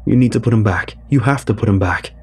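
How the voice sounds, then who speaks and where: A man's voice: on the low side, quick pace, breathy edge. A man voicing a frantic old grandfather in a horror story, with a grating voice. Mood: desperate.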